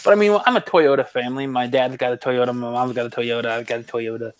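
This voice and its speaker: A man in a mid-range voice co-hosts a relaxed podcast. He jokes and teases his partner and swears often. His talk is loose and unscripted. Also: medium pitch, fast, clear, resonant tone, no room sound. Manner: joking, teasing, profane. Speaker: podcast co-host. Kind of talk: casual chat.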